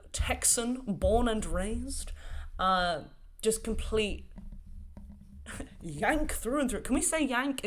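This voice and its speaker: Lower-voiced woman, rambling podcast chat. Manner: rambling, enthusiastic, with frequent fillers and swearing. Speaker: podcast host. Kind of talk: casual solo podcast chat.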